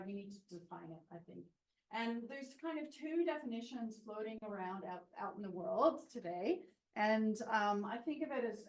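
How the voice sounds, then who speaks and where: A woman's voice: mid-range voice, a little mellow. Woman giving a seminar talk, lots of ums, echoey room. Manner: thoughtful, many ums and restarts. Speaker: seminar speaker. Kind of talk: conversational presentation. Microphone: no microphone, room pickup. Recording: roomy hall sound.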